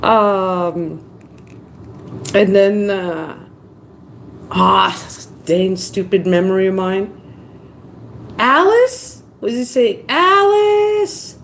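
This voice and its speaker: Woman live-streamer, worn out, slow rambling chat, reads comments aloud, faint background hum. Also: mid-range voice, lively intonation, a bit bright, rough recording. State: tired after crying.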